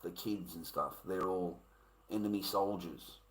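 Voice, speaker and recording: A man's voice: low voice, unhurried, rough recording. A man ranting bluntly and profanely at his live-stream chat. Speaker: livestreamer.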